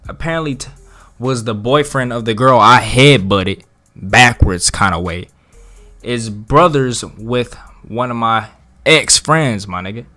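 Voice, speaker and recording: A man spinning a storytime tale with a middle-pitched voice and heavy slang. He lurches between loud outbursts and low mutters as he tells it, and a little music plays quietly underneath. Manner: profane, slangy, dramatic storyteller with big swings in loudness. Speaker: vlogger telling a story. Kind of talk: casual storytime.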